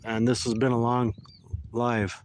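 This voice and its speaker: A man's voice: medium pitch, level tone, measured pace. A man hosting a casual livestream from a kayak on a lake, rambling and friendly, with lots of restarts. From eastern North Dakota. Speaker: livestream host. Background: birds and faint outdoor noise.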